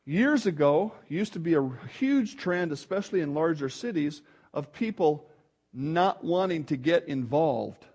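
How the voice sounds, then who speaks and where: A man's voice: a little high, lively intonation, measured pace, darkish tone, husky. A middle-aged male pastor preaching a sermon in an earnest, emphatic way, often restarting his phrases.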